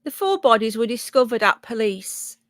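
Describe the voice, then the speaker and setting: Her voice is on the high side and sing-song, moving at normal speed with no echo. This livestream host from Birmingham, England, speaks with a Brummie accent, chatting casually and thinking aloud as she reads news and viewer comments, often stumbling over names.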